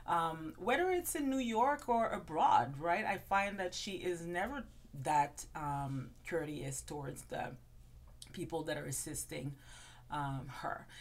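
A woman hosts a casual gossip commentary in a chatty, meandering way. Her voice sits on the lower side for a woman. She speaks loosely, with frequent fillers and restarts as she thinks aloud. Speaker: host.

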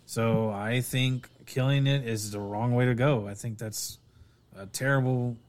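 A man's voice: fairly even intonation, unhurried, a little hiss or hum. A man in casual podcast chat, rambling through a story and acting out the quotes in it. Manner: rambling storyteller, acts out quotes with raised pitch.

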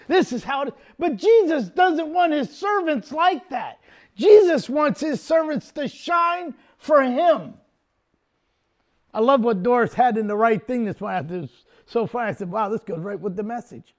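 An older man preaching a sermon as pastor, telling the story emphatically and sometimes breaking into shouts. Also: very high voice.

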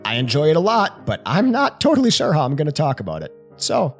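A man's voice: a little high, wildly swooping pitch, fast talker, soft background music. A man co-hosting a casual book chat, joking playfully. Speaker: podcast co-host.

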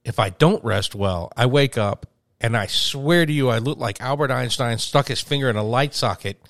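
A man's voice: mid-range voice, normal speed, no room sound, studio quality. A middle-aged man co-hosting a casual chat, telling stories with laughter. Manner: animated storyteller, laughs while talking. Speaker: podcast co-host.

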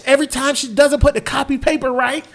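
A man's voice: very high voice, flat delivery, fast, vocal fry, a bit bright. A man hosting a podcast, talking in loose, joking banter and laughing often. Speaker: podcast host.

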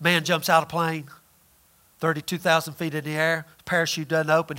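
A man with a high, bright voice delivers a sermon to his congregation. He talks in a folksy, emphatic way, punching some points loudly and dropping others to a near murmur. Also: level tone, normal speed. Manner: folksy and emphatic, swings between loud and quiet. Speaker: preacher.

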